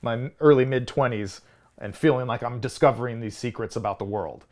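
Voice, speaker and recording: Speaking fairly quickly in a medium-pitched, slightly mellow voice, this man in his thirties co-hosts a film podcast. His casual chat rambles, full of restarts and chuckles.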